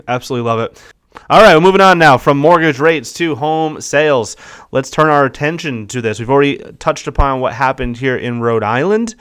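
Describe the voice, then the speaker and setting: A man's voice: medium pitch, fairly bright tone, clean tone. A man co-hosting a casual podcast, upbeat as he reads out market forecasts and quizzes his partner. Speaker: podcast co-host, realtor.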